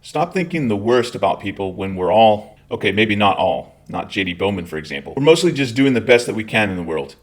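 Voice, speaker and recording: A military veteran from Scotland hosting a scripted commentary rant, blunt, profane and lecturing in tone. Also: male voice, fairly low pitch, animated, a little fast, few pauses.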